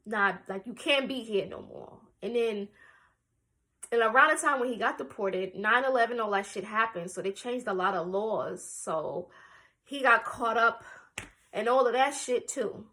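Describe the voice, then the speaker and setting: A woman's voice: a little high, moderate pace, bright, forceful tone. Woman vlogger telling a raw personal story. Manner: raw, emotional and blunt, with casual swearing.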